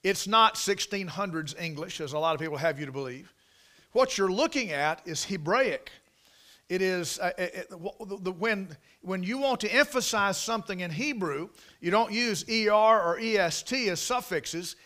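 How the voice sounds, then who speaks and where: An American man preaching a King James sermon, emphatic and folksy, repeating phrases and swinging between loud proclaiming and quiet asides. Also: sits high, expressive, moderate pace. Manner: folksy, with stumbles and restarts.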